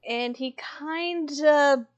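A woman's voice: high voice, drawn-out words, muffled recording. Chatty woman co-hosting a podcast. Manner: chatty, laughs often, reads out notes. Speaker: podcast co-host. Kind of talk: casual podcast chat.

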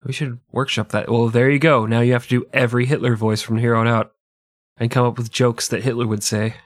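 A man co-hosting a casual history podcast, trading sarcastic jokes and swearing freely. His voice sits at an ordinary middle pitch. The sound is dry and close, with no room behind it. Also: level tone, brisk, no echo. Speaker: podcast co-host.

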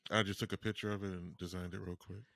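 A young man in casual chat, tossing off quick teasing quips. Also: deep voice, level tone, gravelly, sharp tone, dry recording.

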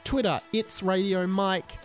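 A man's voice: high voice, flat delivery, a little slow, soft background music. A man hosting a podcast, reading a story aloud and mocking it with wry asides. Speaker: podcast host. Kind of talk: comic reading and commentary.

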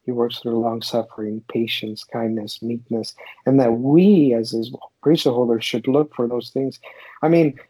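A man's voice: mid-range voice, steady tone, measured pace, mellow, breathy edge, no echo, low-quality recording. A man speaking earnestly and a little hesitantly in a casual scripture discussion. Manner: earnest, searching, hesitant fillers. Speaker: scripture study discussion participant.

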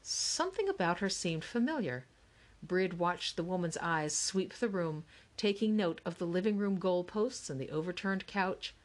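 Lower-voiced woman, steady audiobook narrator for a children's novel. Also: normal speed.

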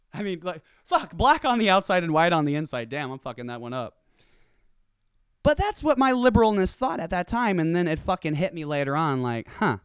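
A man talks in a casual, profane rant and tells stories by acting out each voice. His pitch sits a little high and jumps all over as he gets worked up. His voice is smooth and clear, and it is recorded close and dry with no room echo. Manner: profane, animated storytelling with acted-out quotes. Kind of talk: casual ranting monologue.

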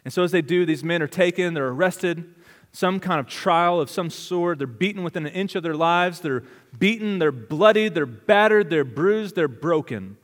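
A male pastor delivering a dramatic sermon, full of rhetorical questions, swinging between loud urgency and hushed intensity. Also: fairly high pitch, animated, normal speed, big-room sound.

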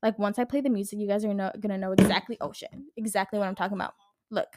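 Young woman, 20s, solo podcast host, casual chat, rambling, swears a lot, medium pitch. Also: steady tone, rapid-fire, background noise. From Los Angeles area. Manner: rambling, chatty, swears freely, says "like" and "literally" often.

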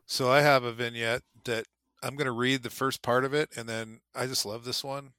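A man co-hosting a podcast, reading a passage aloud and discussing it in an animated way. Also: mid-range voice, moderate pace, smooth, no echo, studio quality. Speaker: podcast co-host.

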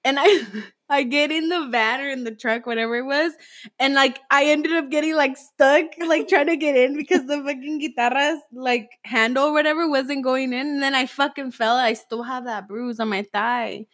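Higher-voiced young woman, casual chat. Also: fairly even intonation, normal speed, fairly bright tone. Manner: laughs easily, swears, loose storytelling.

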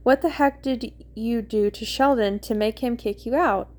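A woman's voice: a little high, normal speed, close to an everyday voice. A woman reading as a fiery young woman. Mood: angry. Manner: loud, scolding.

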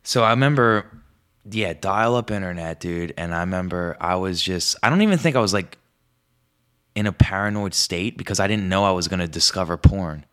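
A young man hosting a podcast, telling rambling comic stories, swearing often and jumping up in pitch when he quotes himself. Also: brisk, a bit bright, clean tone. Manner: rambling, swears a lot, jumps high when quoting himself. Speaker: podcast host. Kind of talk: casual comedic storytelling monologue. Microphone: podcast microphone.

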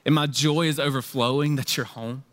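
A man's voice: mid-range voice, moderate pace, natural voice. A man voicing a loving, generous father who welcomes his son home, his speech emphatic and pleading. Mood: joyful. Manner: emphatic, pleading, raised and excited. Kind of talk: sermon retelling a parable.

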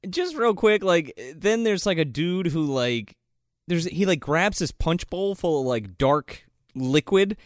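A young man co-hosting a casual podcast, recapping a movie with profane, animated storytelling and mocking voices. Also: fairly high pitch, unhurried, no room sound, clean studio sound. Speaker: podcast co-host.

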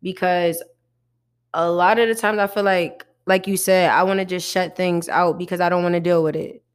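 A woman's voice: lowish voice, steady tone, normal speed, clean tone. A young woman hosting a casual chat podcast, candid and slangy, filling her talk with "like.". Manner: candid, slangy, says "like" a lot. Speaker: podcast host.

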